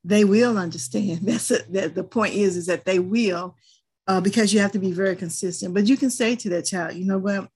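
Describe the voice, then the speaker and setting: A woman's voice: mid-range voice, a little fast, a little mellow, slightly rough. An older woman and grandmother, speaking in a firm, earnest way in a group discussion and telling stories from home. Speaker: panelist. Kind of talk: casual discussion.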